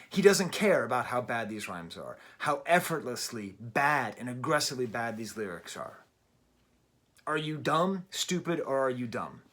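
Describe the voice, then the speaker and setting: A man's voice: mid-range voice, fairly bright tone. A middle-aged man giving a casual, emphatic and wry album review from his daughter's bedroom at home. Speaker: music reviewer.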